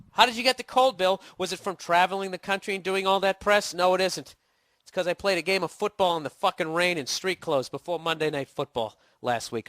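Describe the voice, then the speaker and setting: A man's voice: sits high, pushed and bright, dry recording, clean studio sound. A man in his forties with a Boston accent, hosting a podcast and answering listener emails in a profane, sarcastic rant while getting over a cold. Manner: profane, sarcastic, mocking impressions. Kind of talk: casual ranting monologue.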